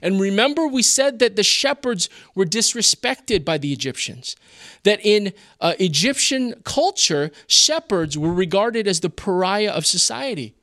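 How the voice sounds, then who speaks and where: High-voiced, animated preacher man. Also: measured pace, dry recording, clean studio sound. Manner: expressive, teaching, uses rhetorical questions. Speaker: pastor. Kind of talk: sermon.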